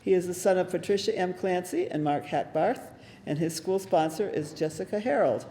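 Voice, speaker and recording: A man's voice: high voice, moderate pace, a little hiss or hum. A man acting as emcee, reading award citations at a ceremony. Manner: steady, formal reading. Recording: hall reverb.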